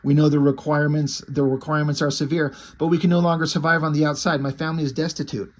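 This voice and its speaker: Desperate destitute father, quick plain delivery, a man reading it out, fairly high voice. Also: little pitch movement, a little hiss or hum, lightly acted.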